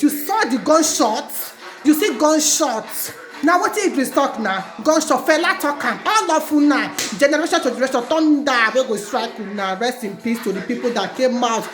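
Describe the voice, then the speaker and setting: Music fills an echoey room as a Nigerian woman who lives in Italy delivers an angry protest rant, chanting slogans over and over for her vlog. Her voice sits high and sounds a bit bright.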